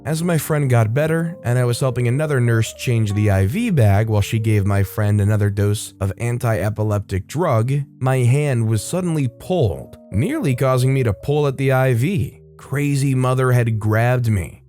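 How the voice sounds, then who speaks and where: A man's voice: medium pitch, normal speed, hardly any pauses, warm tone. Man narrating a story, faint music behind. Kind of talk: scripted narration.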